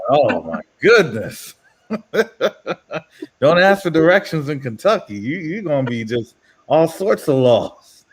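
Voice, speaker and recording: A man who is a panel guest in a casual chat, laid-back and chuckling. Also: mid-range voice.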